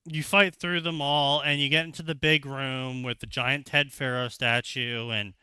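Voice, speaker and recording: A man's voice: medium pitch, flat delivery, moderate pace, sharp tone, clean tone, dry recording. A man retelling a video game plot for comedy, laughing a lot and dropping into silly voices for the characters. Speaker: co-host recounting a game plot. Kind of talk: comedic casual retelling with acted quotes.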